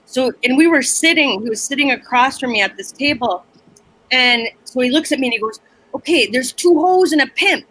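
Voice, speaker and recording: A woman comedian and teacher telling a story on a video call, animated and laughing, acting out voices. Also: sits high, normal speed, rough recording. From Minneapolis area.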